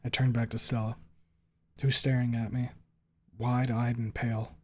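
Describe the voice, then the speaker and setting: A man reading a first-person story aloud on his stream, shifting from hushed breathing to clipped, profane anger. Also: medium pitch, level tone, normal speed. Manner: hushed, then swearing and tightly angry.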